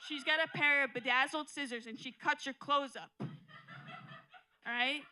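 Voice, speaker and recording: Female stand-up, dry and absurd, crisp bright tone. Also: high voice, steady tone, normal speed, a little hiss or hum, low-quality recording. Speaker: stand-up comedian. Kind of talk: live stand-up comedy. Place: comedy club stage with audience.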